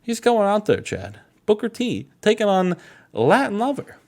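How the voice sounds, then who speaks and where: Man, casual game commentary, rambling, playful, animated pitch. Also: normal speed. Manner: rambling, playful, swears, keeps addressing his co-host. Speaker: gaming channel host. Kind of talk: casual let's-play commentary.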